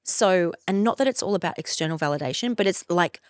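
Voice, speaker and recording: A woman in her forties hosting a podcast, talking in a loose, effusive monologue, swearing freely and leaping up in pitch for playful emphasis. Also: lively intonation, fast talker, dry recording, studio quality. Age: 40s. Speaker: podcast host. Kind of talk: casual monologue.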